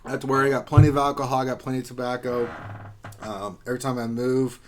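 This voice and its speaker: A man hosting a live stream, reading out viewer greetings in a loose, joking way while in back pain and drinking, jumping between loud shout-outs and low mutters. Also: level tone, fast, slight background noise. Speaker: livestream host.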